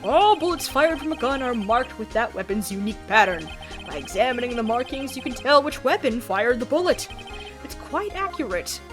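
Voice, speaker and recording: A woman's voice: on the high side, animated, moderate pace, music in the background, lightly acted. A woman voicing a young male defense attorney who argues firmly and methodically. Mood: pressing. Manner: firm, methodical courtroom argument.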